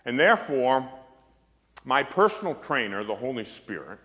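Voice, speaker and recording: A priest lectures an audience in an emphatic, storytelling way, his pitch swinging up and down as he drives points home. A dry humor runs through his delivery. His voice carries a long reverb from a large hall. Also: big pitch swings, moderate pace, pushed and bright.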